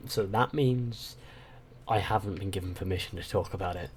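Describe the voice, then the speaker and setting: British guy hosting a livestream, low mellow voice, chatty, swears a lot. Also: moderate pace, slight background noise. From Britain. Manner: chatty, swears and laughs freely. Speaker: channel host. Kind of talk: casual livestream chat.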